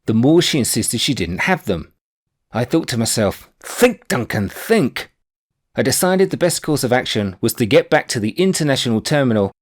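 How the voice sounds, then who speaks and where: A man reading his own book aloud, telling a personal anecdote in a wry, animated way. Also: mid-range voice. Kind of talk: audiobook narration of a personal anecdote.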